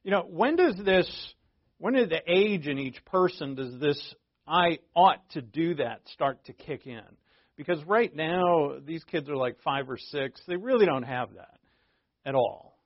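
Conversational male Bible teacher, slightly high. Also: animated, measured pace, dry recording, muffled recording. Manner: conversational and digressive, with frequent restarts; explains terms plainly for listeners.

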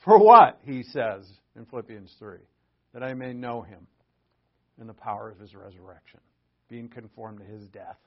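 A man teaching a Bible study in a conversational way, with offhand asides, swinging between loud emphasis and quiet remarks. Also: lowish voice, moderate pace. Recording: dull lo-fi recording.

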